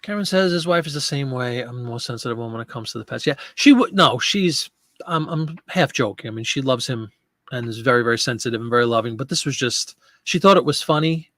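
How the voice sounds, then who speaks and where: A man's voice: medium pitch, animated, fairly quick, fairly bright tone, dry recording. A middle-aged man hosting a casual live chat show, chatting and answering viewer comments. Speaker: host of a live chat show for online sellers.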